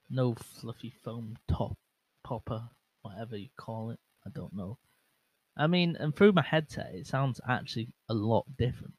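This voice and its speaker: A man's voice: mid-range voice, darkish tone, breathy edge, poor audio. A young man hosting a solo podcast, rambling and self-mocking with lots of fillers and restarts, into a bare microphone. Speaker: podcast host. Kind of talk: casual solo podcast chat. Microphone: bare microphone without windscreen, monitored on headset.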